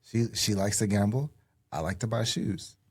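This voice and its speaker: A man co-hosting a podcast, chatting casually in a calm, easygoing way. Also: on the low side, moderate pace, slightly rough. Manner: calm, easygoing, reasoning it through. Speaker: podcast co-host. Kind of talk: casual chat.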